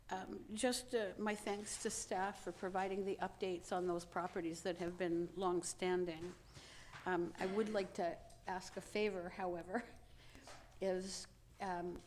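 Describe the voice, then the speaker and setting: A woman's voice: fairly low pitch, darkish tone, a little hiss or hum. Polite, hesitant woman councillor. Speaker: city councillor. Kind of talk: speaking in a committee meeting.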